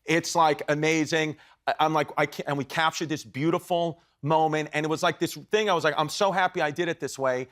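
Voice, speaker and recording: A man, a comedian guest telling an animated story on a late-night talk show, laughing often and acting out the voices of the people he quotes. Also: a little high, brisk. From New York. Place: TV studio before a live audience.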